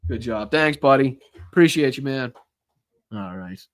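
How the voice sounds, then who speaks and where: A man's voice: mid-range voice, animated, measured pace. A man hosting a political podcast live from home, chatting loosely, swearing and thanking viewers. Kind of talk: casual live-stream chat.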